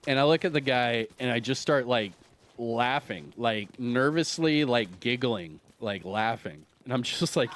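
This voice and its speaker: A man in his thirties streaming a video game, telling a long story in a rambling, animated way with lots of fillers and laughter. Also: medium pitch, a little slow, a little hiss or hum. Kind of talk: casual storytelling while streaming.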